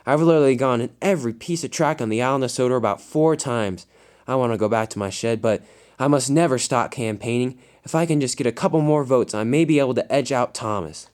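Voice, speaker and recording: A man voicing an eager, boastful young male tank engine, talking in a halting way full of filler words. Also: mid-range voice, darkish tone, lightly acted.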